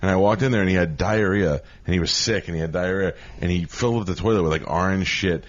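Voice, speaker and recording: A man in his forties, a guest in a casual chat, talking bluntly and quickly about awkward moments. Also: deep voice, highs cut off. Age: 40s. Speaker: podcast guest.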